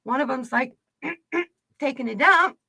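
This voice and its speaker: A middle-aged woman from the United States chatting casually with her stream viewers, telling animated stories and laughing often. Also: high-pitched, slow pace, gravelly, dry recording. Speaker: livestream card reader host. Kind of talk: casual storytelling chat.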